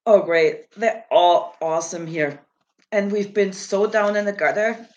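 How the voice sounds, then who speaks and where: A woman's voice: mid-range voice, steady tone, measured pace, a little mellow, highs cut off. A woman hosting a casual livestream, rambling and laughing as she answers chat messages from her viewers. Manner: giggly, rambling, self-mocking. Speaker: livestream host.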